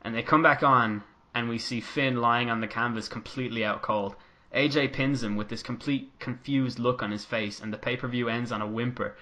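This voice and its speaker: A man co-hosting a podcast narrates a made-up wrestling storyline in casual chat, telling it animatedly and acting out the quotes in voices. He speaks at medium pitch and a moderate pace.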